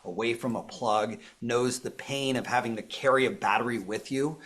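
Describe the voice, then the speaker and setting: A man's voice: mid-range voice, moderate pace, a bit bright. A man presenting a live phone tutorial, walking viewers through each step in an upbeat, explanatory way. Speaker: tech presenter.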